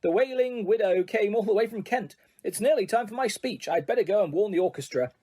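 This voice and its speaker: A man's voice: sits high, lively intonation, brisk, mellow, breathy edge. A man voicing a proud, touchy ghost nobleman in an audiobook, stiff and formal.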